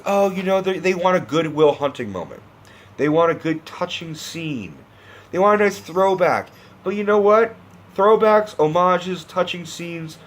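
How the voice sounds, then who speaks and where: A man's voice: high voice, fairly bright tone. A young man giving a profane, impassioned movie-review rant, sarcastic and acting out characters as he goes.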